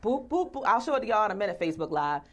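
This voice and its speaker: A woman in her forties hosting a live-streamed talk show. She speaks in an animated, playful way, often laughing and talking straight to her viewers. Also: mid-range voice, racing. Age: 40s. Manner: conversational, addressing viewers directly.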